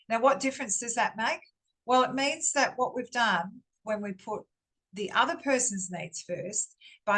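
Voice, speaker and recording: A woman's voice: mid-range voice, fairly bright tone, poor audio. A woman giving a webinar talk on workplace communication, explaining ideas earnestly and restarting phrases now and then. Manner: earnest, explanatory, with frequent restarts and rising emphasis. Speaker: guest speaker on workplace communication. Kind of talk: webinar presentation. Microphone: online webinar microphone.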